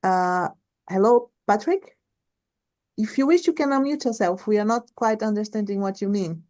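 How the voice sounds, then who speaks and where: The seminar host here is a woman with a warm, mid-range voice at normal speed. Over a video call she moderates a live online question session, chatting freely and restarting her sentences.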